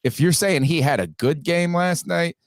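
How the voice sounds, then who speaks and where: A man's voice: fairly high pitch, normal speed, no echo, clean studio sound. A man hosting a casual sports podcast, reading out viewer donations and giving blunt opinions with frequent restarts. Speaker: podcast host.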